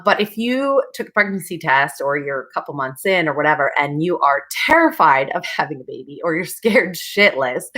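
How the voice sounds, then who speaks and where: A young woman talks straight to her listeners in a casual advice chat, frank and chatty, with easy laughs breaking in. Her voice sits a little low for a woman, relaxed and conversational. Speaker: host.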